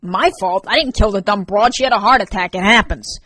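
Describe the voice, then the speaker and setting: A woman's voice: medium pitch, brisk, bright, forceful tone, no room sound. Woman voicing a sarcastic, dismissive teen boy. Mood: callous. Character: sardonic teenage boy with a dark secret.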